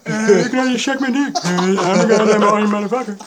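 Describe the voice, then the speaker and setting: A man's voice: sits high, a loud crowd, pitched above the performer's own voice, lightly acted. A man voicing a crude, boastful male film director in a mocking impression. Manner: crude bragging, drawn-out "uh"s. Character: cocky foul-mouthed boastful male director. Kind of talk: mock impression on a podcast.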